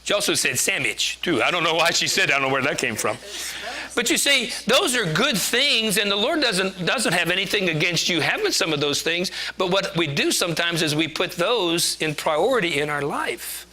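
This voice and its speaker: A man's voice: sits high, expressive, moderate pace, bright, forceful tone. A man giving a conversational sermon, chatty and joking, laughing at himself as he preaches.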